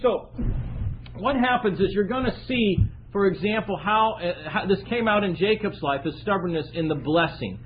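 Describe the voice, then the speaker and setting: A middle-aged man preaching a sermon, telling the story with animated voices for the people in it. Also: sits high, moderate pace, slight background noise. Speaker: pastor. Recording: dull echoey recording in a large room.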